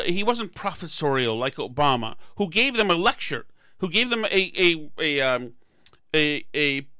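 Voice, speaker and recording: Guy ranting on his political podcast, bright crisp voice, sarcastic, dry close sound. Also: high voice, no room sound. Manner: emphatic, sarcastic, restarts phrases. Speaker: podcast host. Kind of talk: political commentary chat.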